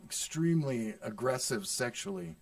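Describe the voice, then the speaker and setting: A man co-hosts a podcast, tossing in blunt, crude jokes. His voice is gravelly and swings up and down a lot. He sounds dry and a bit far from the mic. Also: medium pitch, animated, normal speed, no echo. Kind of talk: casual podcast banter. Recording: dry room, mic at a distance.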